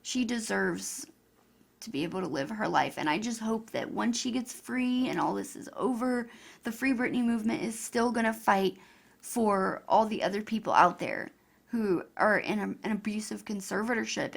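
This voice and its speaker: Woman, vlogger, gushing and emotional, very gravelly fry, mid pitch. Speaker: YouTuber. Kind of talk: casual vlog commentary.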